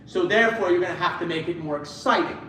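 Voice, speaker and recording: Man choir director, high tenor voice, coaching singers and singing demonstrations, recorded from afar in a very echoey room. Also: quick pace, sharp tone. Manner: counts off beats and sings phrases to demonstrate. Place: church choir rehearsal room. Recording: echoey room from far off with music.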